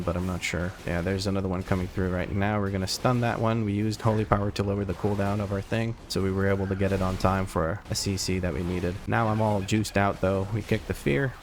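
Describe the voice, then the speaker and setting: A man's voice: fairly low pitch, slight background noise. A man giving casual, profane play-by-play commentary on his own gameplay, and he often mocks himself. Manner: rapid play-by-play, swearing, self-deprecating.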